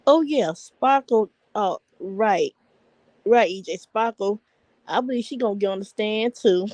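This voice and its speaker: A woman co-hosting a casual livestream, relaxed and greeting viewers by name. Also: mid-range voice, a little slow, no echo, poor audio. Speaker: livestream co-host.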